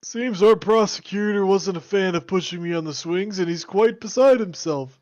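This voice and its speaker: A man's voice: high voice, moderate pace, darkish tone, highs cut off, close to an everyday voice. A man voicing a smug, formal courtroom figure in a casual game reading, with prim phrasing.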